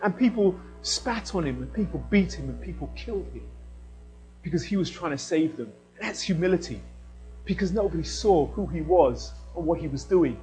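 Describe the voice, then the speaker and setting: A man preaching a sermon in an animated way, swinging from loud emphasis down to a quiet hush. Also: on the high side, normal speed, faint music behind, low-quality recording.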